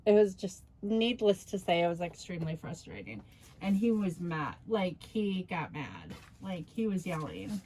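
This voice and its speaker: A woman's voice: lowish voice, animated, measured pace, warm tone, a little hiss or hum, rough recording. A woman hosting a craft channel, talking casually in a voice-over while she works. She vents about her frustrations, sighing and laughing ruefully. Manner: venting, retelling with quoted back-and-forth.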